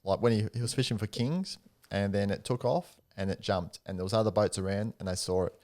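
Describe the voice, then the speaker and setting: An Australian man with a fairly low voice chats as a guest in a podcast studio. He tells fishing stories, stops and restarts, and laughs easily. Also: fairly quick, a little mellow. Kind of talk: casual chat.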